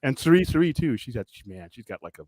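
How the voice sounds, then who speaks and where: A man's voice: mid-range voice, sing-song, quick pace, darkish tone, no room sound. A man from California hosting a live stream, chatting loosely and greeting viewers by name. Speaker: host of a live stream show. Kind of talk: casual live-stream chat.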